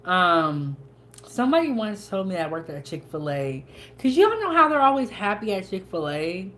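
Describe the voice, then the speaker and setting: A woman's voice: medium pitch, sing-song, moderate pace, a bit bright, slight background noise. A young woman, hosting a cooking channel in casual, folksy chat as she eats. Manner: chatty, folksy, with dialect grammar. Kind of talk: casual chat while eating.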